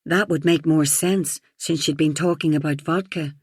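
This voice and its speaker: A woman narrating a first-person audiobook thriller in an even, reflective storytelling manner. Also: sits low, normal speed, slightly rough, no room sound, clean studio sound.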